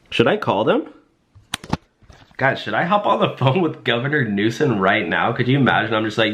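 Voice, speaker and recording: A man's voice: medium pitch, lively intonation, normal speed, a bit bright. A young man rambling jokily in a casual vlog, with lots of fillers as he talks to his viewers. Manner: rambling, jokey, full of fillers like "like" and "um". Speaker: rideshare driver and vlogger.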